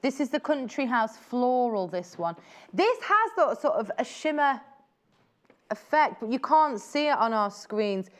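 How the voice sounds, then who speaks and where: A woman's voice: a little high, very animated, a little slow. A woman presenting fabrics on a live shopping channel, chatty and gushing as she exclaims over each print. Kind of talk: live TV selling chat.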